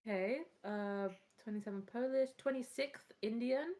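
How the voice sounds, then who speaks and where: A woman's voice: on the high side, normal speed, dark tone. A British woman co-hosting a podcast, chatting casually and reading out a ranked list with giggles. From Britain. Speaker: podcast co-host. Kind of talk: casual chat.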